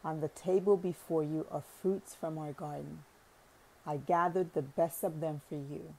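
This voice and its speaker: Lady doing a fussy eager old guy in a storybook, slow and gravelly, higher than her own voice. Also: steady tone, darkish tone, rough recording. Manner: fussing, keen to please. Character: eager hospitable old man, younger brother.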